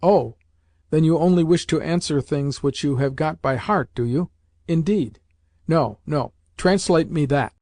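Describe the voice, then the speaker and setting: A man's voice: on the high side, a little slow, warm tone, dry recording. A man voicing a stern, condescending male professor who speaks in a clipped, scolding way. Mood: scornful.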